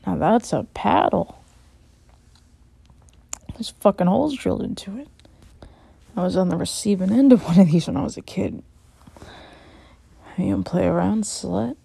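A woman's voice: mid-range voice, moderate pace, gravelly, long pauses, warm tone, slightly rough, no room sound. A woman performing a whispered role-play, speaking close and intimately and often dropping into a whisper.

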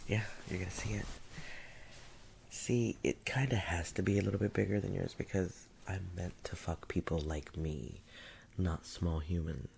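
A man voicing a dominant, mocking non-human male creature in a whispered role-play, talking in a breathy, taunting manner with frequent chuckles. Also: low-pitched, fairly even intonation, normal speed, a little mellow, a little hiss or hum.

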